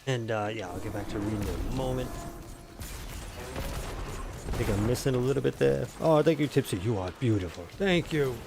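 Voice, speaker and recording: A man's voice: mid-range voice, moderate pace, vocal fry, long pauses, noisy background. A man streaming a video game, chatting casually with viewers, self-mocking and rambling with lots of fillers. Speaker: gaming streamer. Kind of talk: casual live-stream chat while gaming.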